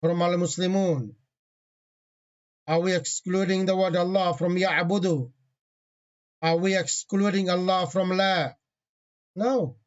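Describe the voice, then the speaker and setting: A man's voice: high voice, darkish tone, dull audio. A man teaching an Arabic grammar class online, asking the students questions and reading out parsing terms.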